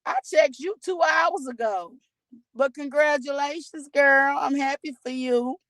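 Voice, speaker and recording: A woman's voice: high voice, a little slow, fairly bright tone, no echo, low-quality recording. A woman hosting a casual livestream, talking candidly and chatting straight to her viewers. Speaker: livestream host.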